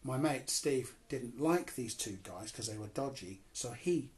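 A man's voice: medium pitch, a little slow. A man from Cornwall, a comedian and crime writer, telling a self-mocking story as an interview guest. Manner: animated, self-mocking anecdotes with acted-out quotes.

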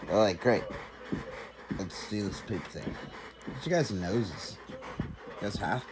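A man's voice: fairly low pitch, expressive, slow. A young man casually talking to his dogs in a vlog, teasing and exasperated, calling them weirdos. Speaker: dog owner vlogger. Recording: dogs, clicks and noise behind.

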